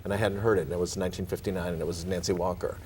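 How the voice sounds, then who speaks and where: A middle-aged man, a guest in a casual interview, telling animated stories with laughs and acted-out bits. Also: low-pitched, rapid-fire, slight background noise. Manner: animated, laughing, acts out and hums snippets.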